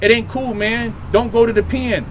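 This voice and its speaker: A man's voice: very high voice, steady tone, normal speed, a little hiss or hum, poor audio. Blunt, profane man preaching to youth. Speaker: show host speaking from prison experience. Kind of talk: direct street-style advice to youth.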